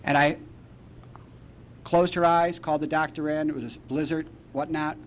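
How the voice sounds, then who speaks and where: A man speaking at a recovery meeting, telling a personal story in a wry, deadpan storytelling way, on a muffled archival recording. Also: on the high side, moderate pace. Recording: muffled archival tape with faint noise.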